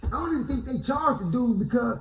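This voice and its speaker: A man's voice: very high voice, fast, soft background music. A man in casual chat, telling street stories with slang and swearing. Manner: slangy, swearing, animated retelling. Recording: roomy, slightly dull sound.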